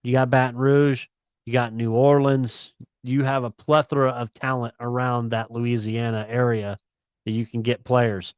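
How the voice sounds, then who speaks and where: A man's voice: medium pitch, flat delivery, moderate pace, smooth, no echo. A man co-hosting a sports radio talk show, chatting casually and slangily about college football and picks. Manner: laid-back, chatty, slangy.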